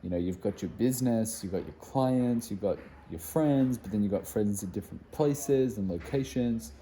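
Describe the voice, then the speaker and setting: A young man, a fitness coach, chatting casually to camera in a relaxed, rambling way with plenty of fillers. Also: on the low side, moderate pace, slight background noise. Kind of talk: casual vlog talk to camera.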